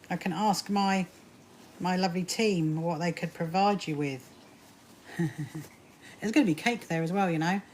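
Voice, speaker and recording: A woman chats away on a home sewing live stream, greeting viewers by name. Her voice sits a little low. A faint hum runs behind her. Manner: chatty, greets viewers, laughs often. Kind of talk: casual live stream chat.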